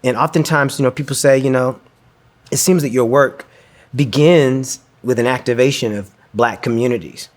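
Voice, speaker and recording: A man's voice: medium pitch, moderate pace. Earnest man telling a personal story. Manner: earnest, reflective and emotional, with quoted dialogue. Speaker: speaker giving a talk.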